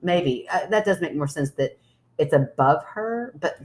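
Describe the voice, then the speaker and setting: A woman's voice: deep voice, expressive, measured pace. A woman co-hosting a podcast as the skeptic, chatting casually in a blunt, teasing way.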